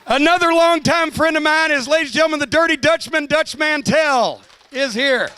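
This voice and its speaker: Guy roasting his buddy, really high bright voice, crude sarcastic jokes, sounds tight and close. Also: moderate pace. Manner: sardonic, profane, animated storyteller. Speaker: roast guest of honor. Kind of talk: comedy roast speech, storytelling.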